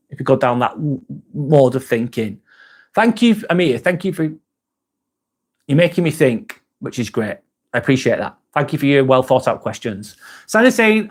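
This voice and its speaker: A man hosting a live stream, chatting casually, reading viewer comments aloud and swearing now and then. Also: mid-range voice.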